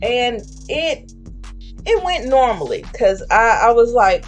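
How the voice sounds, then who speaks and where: A woman's voice: on the high side, sing-song, slow pace, soft background music. A woman streamer telling a story in a chatty way, acting out the voices of the people in it with slang. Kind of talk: casual storytelling.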